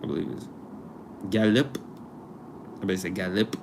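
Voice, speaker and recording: A man's voice: sits low, moderate pace, creaky, background noise. Man hosting a casual live stream. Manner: conversational, digressive, repeats himself for emphasis.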